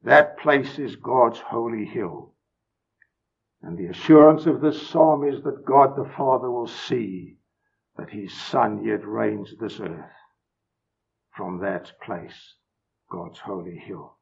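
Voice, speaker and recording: A man preaching a solemn, emphatic sermon, his voice swinging from loud declarations to hushed words. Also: lowish voice, takes it slowly, gravelly, slightly rough. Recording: dull lo-fi recording.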